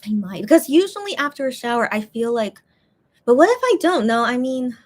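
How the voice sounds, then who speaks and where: A woman streamer chatting casually while eating, reading viewer comments and rambling with lots of repeated words, tired and full. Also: brisk. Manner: rambling, repeats words, lively swings in pitch.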